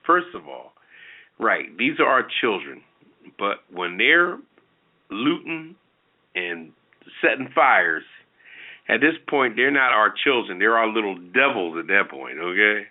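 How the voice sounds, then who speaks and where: A man co-hosting a talk show, giving blunt, animated opinions in casual commentary with many restarts. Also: fairly low pitch, takes it slowly. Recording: tinny phone-like audio.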